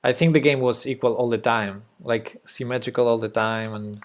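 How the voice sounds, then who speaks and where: A young man with a Spanish accent, a native Spanish speaker, giving casual live-stream chess commentary in a hesitant way with fillers and soft laughs. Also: mid-range voice, steady tone, moderate pace.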